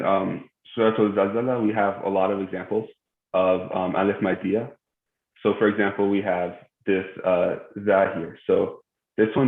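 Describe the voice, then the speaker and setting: Low-voiced man teaching over a tinny call. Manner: patient, many "um" pauses, spells out pronunciations slowly. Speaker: tajweed teacher. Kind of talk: online class instruction. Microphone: video call. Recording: tinny phone-like call audio in an echoey room.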